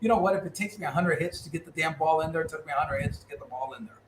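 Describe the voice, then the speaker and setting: A man's voice: on the high side, racing. A man running for governor, with a Californian accent, answering interview questions bluntly and with passion. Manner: blunt, impassioned, emphatic. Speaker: political candidate. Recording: echoey room with faint noise.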